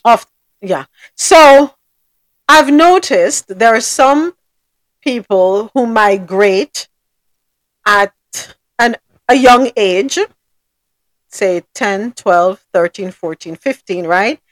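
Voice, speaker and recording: A woman's voice: medium pitch, drawn-out words, pauses often, dry recording. A woman hosting a podcast, reading news items and chatting casually with a co-host. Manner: animated, rises sharply when questioning. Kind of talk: casual news recap and chat.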